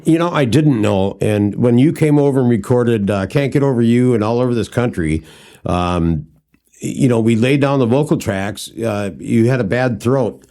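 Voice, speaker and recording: A man tells stories on a podcast in a loose, rambling way and keeps circling back with fillers. His voice is mellow and dark, and his pitch is average. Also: normal speed. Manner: rambling storyteller, many fillers. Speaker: podcast co-host. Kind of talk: casual conversation.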